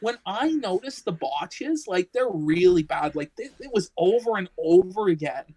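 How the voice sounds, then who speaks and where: A woman's voice: on the low side, animated, moderate pace, mellow, breathy edge, poor audio. A woman co-hosting a casual wrestling discussion stream, ranting with heavy swearing and exasperation. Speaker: podcast co-host.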